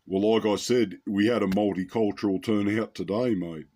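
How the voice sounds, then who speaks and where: Heated Australian man, lowish voice. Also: fairly even intonation, normal speed, dark tone. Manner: heated, rambling, keeps asking "right?" and saying "mate". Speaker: commentator. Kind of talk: unscripted commentary monologue.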